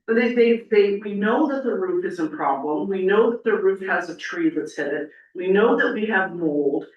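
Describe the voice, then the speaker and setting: A woman's voice: medium pitch, animated, moderate pace, lo-fi sound. A woman giving an earnest, rambling public comment at a city council meeting, tearful as she speaks. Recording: echoey council chamber, mic at a distance.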